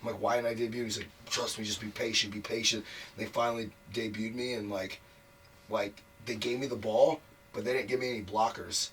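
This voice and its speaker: Fast-talking, profane man. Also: on the low side, fairly even intonation, far from the mic. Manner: frank and profane, heavy on "like" fillers. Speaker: wrestler guest. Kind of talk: casual storytelling interview. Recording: voice a bit off mic, faint noise.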